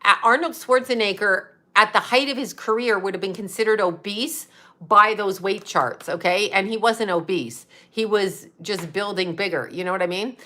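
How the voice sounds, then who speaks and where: A woman's voice: medium pitch, pushed and bright. Blunt, profane Canadian woman ranting. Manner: blunt, profane, fast-shifting rant with laughs. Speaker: livestream host. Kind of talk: casual livestream rant.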